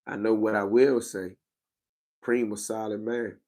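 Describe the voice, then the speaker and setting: A man's voice: fairly low pitch, flat delivery, unhurried, mellow. A man, a little tired, chatting casually on his livestream in laid-back slang and answering viewers over a microphone he wears. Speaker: livestream host. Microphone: wearing a microphone.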